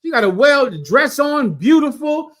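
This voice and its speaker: A man's voice: extremely high pitch, sing-song, unhurried, fairly bright tone. Brief: a man preaching, blunt and crude, scolding his listeners with pointed questions. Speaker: preacher lecturing a class. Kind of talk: preaching commentary.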